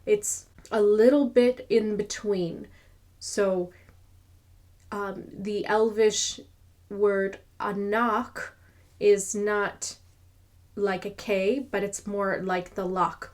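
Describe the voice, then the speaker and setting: Woman, pronunciation lesson, slow deliberate pace, mid pitch, repeats each sound. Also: steady tone. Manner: repeats sounds slowly, demonstrating each one. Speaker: language teacher.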